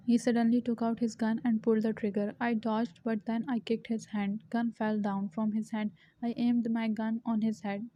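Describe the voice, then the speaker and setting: Flat-voiced woman reading fan fiction. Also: fairly high pitch, normal speed, few pauses, no room sound. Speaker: story reader. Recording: dull lo-fi recording.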